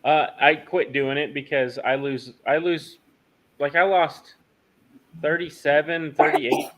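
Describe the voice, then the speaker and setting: A man hosting a casual livestream chat, talking in a halting way with lots of fillers and restarts. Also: a little high, level tone, a bit bright. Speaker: host of a farm livestream.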